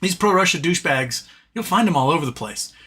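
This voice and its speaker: A man's voice: on the high side, animated, a little fast, pushed and bright, breathy edge. A man hosting a livestream, ranting casually about politics, reading viewer chat aloud and talking to his pet between comments. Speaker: livestream host.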